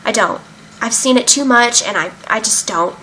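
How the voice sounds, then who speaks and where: A woman's voice: a little high, normal speed, bright, forceful tone, slight background noise, poor audio. A young woman candidly telling her own story in a casual vlog, emotional and open, with many fillers and some swearing. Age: young adult. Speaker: vlogger sharing her recovery story. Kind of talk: casual personal account.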